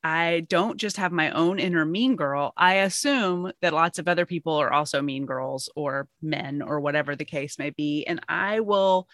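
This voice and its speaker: A woman's voice: deep voice, moderate pace, hardly any pauses, a bit bright, dry recording. A woman hosting a casual podcast chat, asking candid, self-reflective questions.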